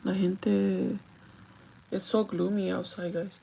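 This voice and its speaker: A woman's voice: mid-range voice, little pitch movement, slow, vocal fry, dark tone, slight background noise, rough recording. A woman chatting casually to her live viewers while doing her makeup, talking straight to them and laughing often. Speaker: livestreaming vlogger and store manager.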